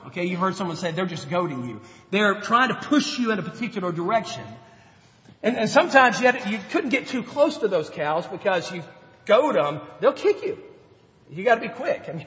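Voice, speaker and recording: A man preaching a sermon, telling Bible stories in an animated way and acting out the characters. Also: sits high. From grew up on a farm. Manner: animated storytelling, acts out Bible characters, chuckles. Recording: dull lo-fi sound with long hall reverb.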